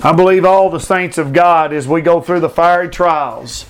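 Fervent high-voiced preacher. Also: male voice, normal speed, clear, resonant tone. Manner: fervent, repetitive emphatic preaching. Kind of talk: sermon.

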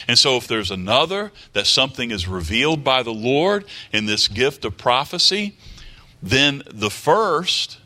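A man's voice: medium pitch, big pitch swings, measured pace, bright, forceful tone. A man preaching a sermon, emphatic, repeating key phrases and quoting scripture aloud. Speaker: pastor.

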